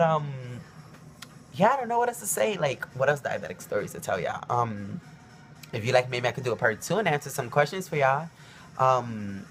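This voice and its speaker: A man's voice: medium pitch, a bit bright, slight background noise. A young man in his early twenties telling a personal story to his camera at home, rambling and emotional, with many ums and likes. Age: young adult. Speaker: vlogger.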